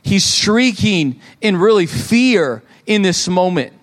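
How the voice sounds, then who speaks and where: A male pastor in his thirties preaching a sermon in a church, conversational and animated, acting out quoted voices. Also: takes it slowly. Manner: animated, conversational, acts out quotes with rising pitch.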